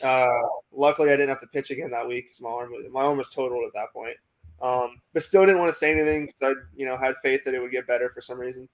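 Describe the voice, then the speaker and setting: A young man with an American accent, a minor league pitcher telling a long story in a casual interview, full of "like" and "um". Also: fairly even intonation, fast talker. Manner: rambling, many fillers like "like" and "um".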